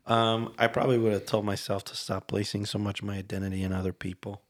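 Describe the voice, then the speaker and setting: A man's voice: on the low side, level tone, fast talker. A man co-hosting a casual chat podcast, joking and laughing often and pushing new topics. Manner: jokey, laughs often, eager to steer topics. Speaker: podcast co-host.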